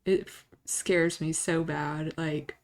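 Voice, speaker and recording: A woman's voice: deep voice, flat delivery, slow. Rambling, emotional woman streamer. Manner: rambling, emotional, self-interrupting, laughs often. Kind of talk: casual chat to a live audience.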